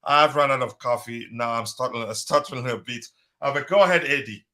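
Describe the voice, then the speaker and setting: Bright-voiced man hosting a live show. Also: medium pitch, fairly quick. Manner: rambling with many fillers and restarts. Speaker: podcast host. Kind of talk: casual live-stream talk.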